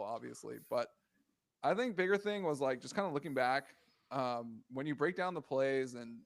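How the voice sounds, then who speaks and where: A man on a sports podcast, talking at a middling pitch into a close, dead-dry mic. He rants and swears, his exasperation building as he goes. There's no room sound at all. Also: creaky, no room sound. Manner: ranting, swears, heated and exasperated. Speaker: podcast co-host. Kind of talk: casual sports podcast chat.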